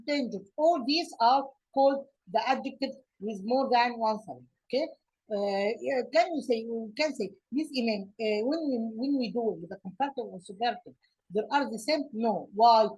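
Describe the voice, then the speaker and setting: A woman teacher with an Egyptian accent, explaining English grammar from slides, pausing often with fillers and restarts. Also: on the high side, a little mellow, husky, poor audio. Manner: halting, many fillers and restarts. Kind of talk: slide-based grammar lesson.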